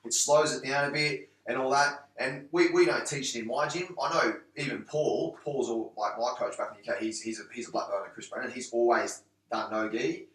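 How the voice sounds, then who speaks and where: A man's voice: mid-range voice, a little fast, hardly any pauses, a bit bright. A man with an English accent chatting on a podcast as a guest, talking emphatically with lots of restarts and the odd swear. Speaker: guest, MMA gym owner and coach. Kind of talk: casual podcast chat. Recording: roomy, echoey room, mic at a distance.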